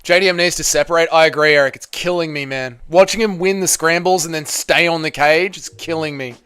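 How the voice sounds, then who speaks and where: A young man hosting a live watch party, reacting loudly to a fight, swearing and shouting at the screen. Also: fairly high pitch, a little fast, clean tone, no room sound, studio quality. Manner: excitable, swears a lot, yells at the screen.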